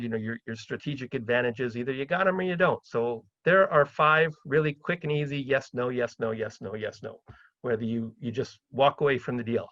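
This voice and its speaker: A middle-aged man from Canada giving a chatty seminar talk on property deals, often acting out phone calls in a livelier, higher voice. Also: fairly bright tone, dry recording, dull audio. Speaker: real estate investor speaking at a seminar.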